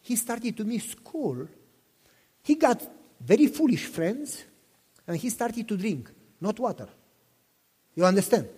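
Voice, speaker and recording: High, animated preacher man in a hall. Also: measured pace, pauses often, breathy edge. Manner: impassioned storytelling, repeats himself, asks listeners questions. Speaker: pastor. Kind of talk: sermon. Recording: long reverb in a hall.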